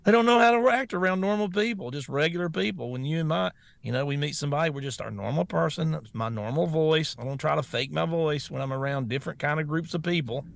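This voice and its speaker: A Southern-accented man co-hosting a political talk show, blunt and mocking, often breaking into laughter. His voice is gravelly and slightly raised in pitch, recorded dry and close with no room sound. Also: fast, hardly any pauses, dry recording. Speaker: co-host.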